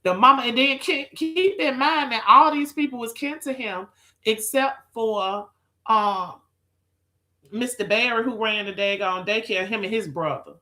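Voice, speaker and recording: A woman's voice: fairly high pitch, measured pace, sharp tone. A woman chatting with viewers on a live stream, sassy and profane, calling people girl, child and honey. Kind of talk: casual live-stream chat.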